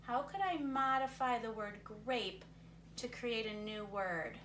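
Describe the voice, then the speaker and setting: A woman's voice: fairly high pitch, unhurried, fairly bright tone. A woman teacher talking young students through a word game, encouraging them and thinking aloud as she goes. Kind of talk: recorded reading lesson for young students. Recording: roomy sound from a distance, faint noise.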